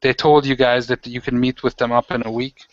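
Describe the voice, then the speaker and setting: A man running a tabletop role-playing game as game master, who explains the rules haltingly with many fillers. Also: mid-range voice, little pitch movement, no echo. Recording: dull lo-fi home recording.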